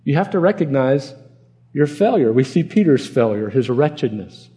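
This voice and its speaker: A man's voice: mid-range voice, very animated, moderate pace, warm tone. A man preaching an expository sermon, earnest and emphatic, repeating words for stress. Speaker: pastor.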